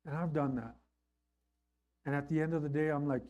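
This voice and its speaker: A man's voice: fairly high pitch, steady tone, a little fast, a little mellow. A man preaching a sermon in an earnest, conversational way, often checking in with his listeners. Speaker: pastor.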